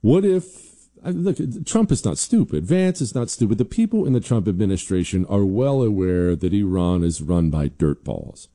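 A man's voice: lowish voice, big pitch swings, normal speed, dark tone. A man hosting a commentary show, talking emphatically and combatively, repeating his points for stress. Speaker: political commentary host. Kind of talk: opinionated commentary.

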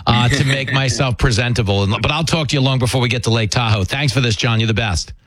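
A man's voice: medium pitch, quick pace, no echo. Male radio host, playful storyteller, dry studio sound. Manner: joking, animated storyteller. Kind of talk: casual chat.

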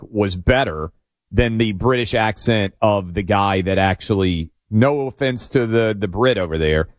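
A man's voice: fairly low pitch, no echo, clean studio sound. Friendly talk radio host, man. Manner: friendly, stumbling restarts.

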